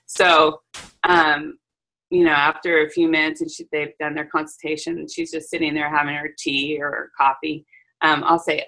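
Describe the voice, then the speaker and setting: A chatty salon owner talks over a video call, with a low, gravelly voice and a husky edge. She tells her stories in a lively way, full of "you know" and "um". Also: moderate pace, rough recording. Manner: chatty, animated storytelling with fillers. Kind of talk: casual chat on a video call.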